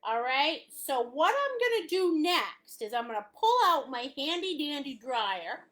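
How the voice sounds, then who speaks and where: Silly, high-voiced woman art instructor; lively and unhurried, laughs a lot. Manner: playful, silly, laughs often. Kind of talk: live painting class instruction.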